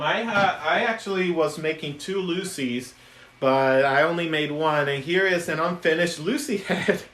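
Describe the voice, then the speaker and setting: Male puppet maker chatting on a live stream, a bit high-pitched, rambling and giggly, roomy sound. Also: fairly bright tone. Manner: chatty, giggly, lots of ums and restarts. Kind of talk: casual live stream chat. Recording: echoey room.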